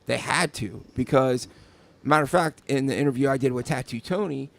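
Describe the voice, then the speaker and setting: A man chatting loosely on a podcast about tattooing, circling back with stumbles and fillers. His voice has a gravelly fry at the bottom, set at a middle pitch for a man. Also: fairly quick. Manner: rambling, repeats words, many fillers. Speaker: podcast co-host, tattoo artist. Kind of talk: casual chat.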